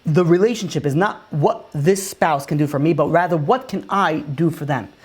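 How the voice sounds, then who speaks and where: A rabbi giving a conversational sermon, asking many rhetorical questions and repeating and restarting phrases. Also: male voice, on the high side, normal speed, slightly rough.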